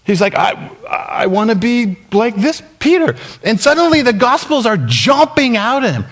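Man, pastor, sermon, high voice, very lively pitch, acts out dialogue, laughs. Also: moderate pace. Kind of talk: sermon storytelling. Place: church sanctuary.

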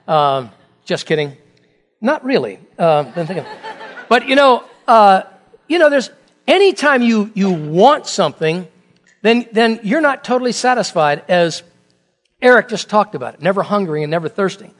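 A man's voice: sits high, very animated, moderate pace, fairly bright tone. A middle-aged man preaching a sermon as pastor, talking conversationally with rhetorical questions and joking asides.

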